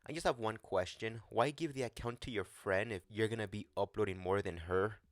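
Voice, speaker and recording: A man's voice: on the low side, brisk, dry recording, studio quality. A man hosting a casual commentary vlog, speaking bluntly and swearing now and then. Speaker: commentary channel host.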